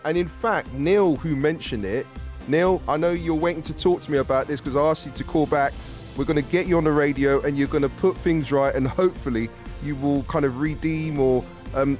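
A man's voice: a little high, fairly quick, a little mellow, soft background music. A male radio presenter chatting in a friendly way with a caller and using lots of fillers. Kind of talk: radio phone-in chat.

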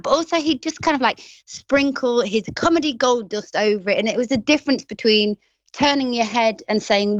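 A woman in her thirties with a Grimsby accent chats quickly and laughs often. She sits a touch high in pitch and sounds close and dry on the mic. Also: no echo, muffled recording. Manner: chatty, quick, laughs often, slips into quoted voices. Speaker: actress, interview guest. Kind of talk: casual interview chat.

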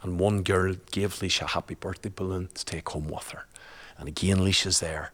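A man's voice: sits low, fairly even intonation, fairly quick, a bit bright. A man, a guest and father, telling a personal story in a chatty, colloquial way, laughing often.

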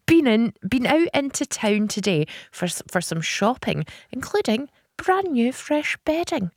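A woman's voice: on the high side, sing-song, dry recording, clean studio sound. Giggly woman on radio. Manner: giggly, quick to laugh. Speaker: radio co-host. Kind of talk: casual radio chat, reading listener texts.

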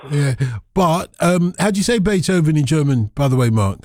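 A man hosting a radio show in casual chat, excitable and rambling as he talks about old records. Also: a little high, moderate pace, no room sound, clean studio sound. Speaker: radio host.

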